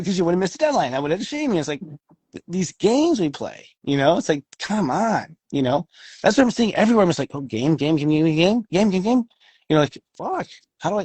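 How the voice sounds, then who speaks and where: A raised, husky man's voice that swings widely in pitch, chatting loosely and cursing often. The sound is dry and close. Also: no echo. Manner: animated, swears freely, acts out quoted voices. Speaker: astrology show co-host. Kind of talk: casual chat.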